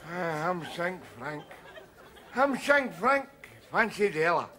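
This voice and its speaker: An actor playing a belligerent middle-aged drunk who rants and stammers in a sitcom. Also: male voice, high voice, big pitch swings, takes it slowly, bright, forceful tone, some chatter behind, a little hiss or hum, full character voice. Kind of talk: TV sitcom acting.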